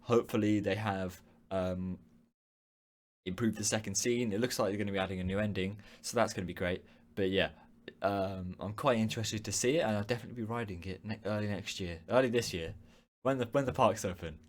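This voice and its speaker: Young male host from the UK, fairly low voice, chatty and rambling, answering viewers live. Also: brisk. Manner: rambling, frequent ums and restarts. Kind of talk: casual live-stream chat.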